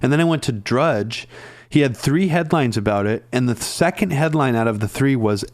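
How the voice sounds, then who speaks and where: A man talking in a casual political discussion, earnest and halting, with many ums and restarts. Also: mid-range voice, lively intonation, no echo.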